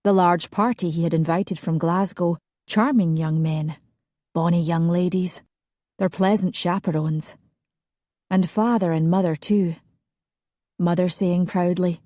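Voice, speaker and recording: A woman narrating an audiobook romance in a measured, dramatic storytelling style. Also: fairly low pitch, steady tone, dark tone, no room sound, clean studio sound. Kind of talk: scripted narration.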